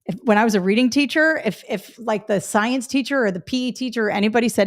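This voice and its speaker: A woman's voice: on the high side, fast, hardly any pauses, dry recording, studio quality. A middle-aged woman teaching a test-prep webinar in a chatty, emphatic way, repeating her key points. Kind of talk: webinar lecture.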